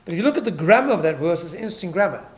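A man's voice: high voice, animated, racing. A man teaching a Torah class, emphatic, often repeating words and checking in with "right?". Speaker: rabbi.

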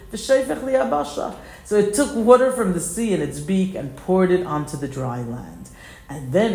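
A woman's voice: on the low side, darkish tone, roomy sound. A woman teaching a text study class, reading passages aloud and then explaining each one plainly. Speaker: Torah teacher.

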